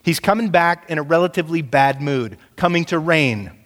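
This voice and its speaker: Male pastor, sermon, slightly high voice, emphatic, rhetorical questions, long hall reverb. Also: normal speed, a bit bright.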